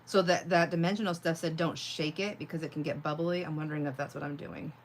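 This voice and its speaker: A woman with a fairly low voice hosts a relaxed crafting livestream and talks through what she is making. She rambles with lots of "like", laughs easily and answers viewers' comments as they come in. A faint hum sits behind her. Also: quick pace. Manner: reads viewer comments aloud and answers them. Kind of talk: casual crafting livestream chat.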